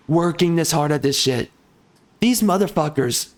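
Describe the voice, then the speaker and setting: Furious man ranting, fairly high voice. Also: expressive, measured pace. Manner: profane, heated, repetitive. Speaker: gaming YouTuber. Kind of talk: angry rant to camera.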